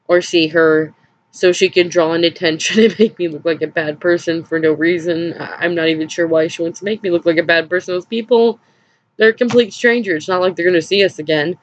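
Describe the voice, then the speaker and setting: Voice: mid-range voice, dull audio. A vlogger telling a personal story in a rambling, hesitant way, with nervous little laughs, sounding upset and drained.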